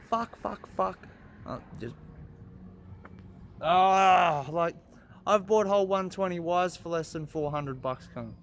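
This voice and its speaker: Young Australian man, car vlogger, casual and unhurried, fairly high, clear voice, heavy swearing. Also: fairly bright tone, long reverb tail, a little hiss or hum. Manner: laid-back, swears heavily when frustrated. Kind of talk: casual garage vlog.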